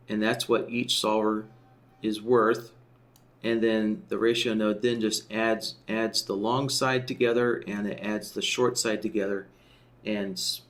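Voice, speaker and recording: A man teaching a software tool in a screen-share tutorial, explaining step by step and often checking in with "right?" while he thinks aloud. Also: lowish voice. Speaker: software trainer.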